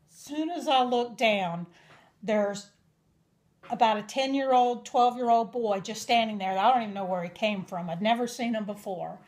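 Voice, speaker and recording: A young woman with a drawl tells her life story as a testimony. Her voice sits slightly high, and she speaks with earnest, emotional sincerity. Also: moderate pace, a little mellow. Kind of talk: personal testimony.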